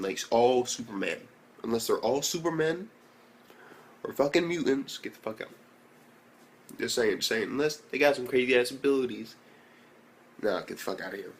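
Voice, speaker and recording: A young man reviewing an anime episode in a casual, excitable rant full of slang and swearing. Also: mid-range voice, normal speed, pauses often.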